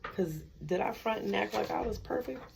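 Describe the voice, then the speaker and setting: A woman's voice: medium pitch, animated, normal speed, gravelly, a little hiss or hum. A woman giving a candid, conversational faith testimony, acting out her inner dialogue with God. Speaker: speaker sharing a faith testimony.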